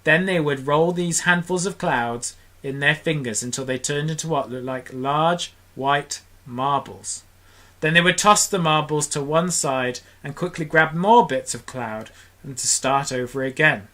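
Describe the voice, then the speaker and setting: Brief: lively read-aloud narrator for a children's storybook stream, bright, ringing tone. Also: mid-range voice, measured pace. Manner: expressive, does character voices. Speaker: storybook reader for a charity stream. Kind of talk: reading a children's book aloud on a livestream.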